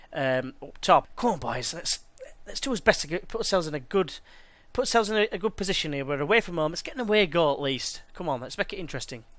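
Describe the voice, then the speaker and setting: A man's voice: a little high, sharp tone, no echo. Chatty man calling game play. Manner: chatty, slangy, commentates play-by-play. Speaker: let's play gamer. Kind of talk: casual gameplay commentary.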